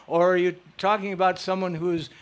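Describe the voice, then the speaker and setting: A man's voice: sits high, a little fast. A man giving a spiritual lecture and answering audience questions, playful and emphatic. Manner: animated, playful, teasing, emphatic.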